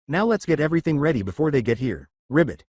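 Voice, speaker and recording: A calm, caring frog-like young girlfriend who drops a "ribbit" into her lines, as a man reads her. The delivery rises and falls with plenty of movement. The sound is close and dry, with no room around it. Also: on the high side, fast talker, dry recording. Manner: says "ribbit" in her speech.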